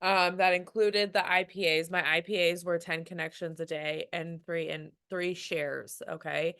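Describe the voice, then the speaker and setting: Young woman, lowish voice, candid motivational talk, team call, quotes her inner voice. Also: level tone, a little slow, fairly bright tone, clean tone.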